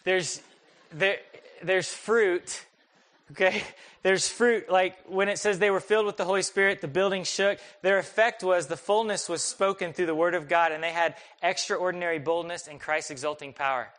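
A young man preaching a sermon, telling a personal story in a conversational, animated, self-deprecating way. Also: high-pitched, normal speed. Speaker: pastor.

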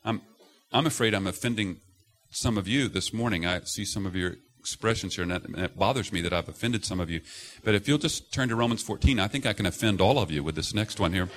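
Talking fast in a lowish voice, a middle-aged pastor delivers a sermon before his congregation in the sanctuary. His storytelling is animated, and he performs the voices he quotes at full volume.

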